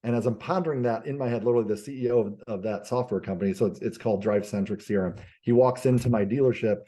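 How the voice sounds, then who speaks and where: Business coach guest: male, low mellow voice, animated storyteller, loose with fillers and restarts. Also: quick pace. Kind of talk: conversational podcast interview.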